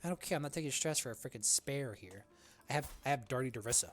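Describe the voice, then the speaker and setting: Young male gamer, mid pitch, slangy and joking, casual play-by-play, says "bro" a lot. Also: animated, fast talker, faint music behind. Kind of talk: casual gameplay commentary.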